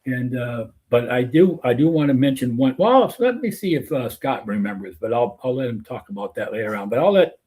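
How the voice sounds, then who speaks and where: An older man from hosting a softball podcast, chatting in a folksy, rambling way. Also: mid-range voice, very animated, brisk, hardly any pauses, breathy edge. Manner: folksy, rambling with many uh fillers. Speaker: podcast host. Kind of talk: casual chat.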